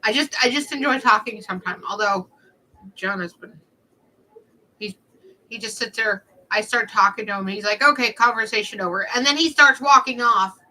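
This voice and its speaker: A woman's voice: mid-range voice, moderate pace, pushed and bright, poor audio. A young woman chatting casually on a livestream, telling rambling stories in a snarky, talkative way.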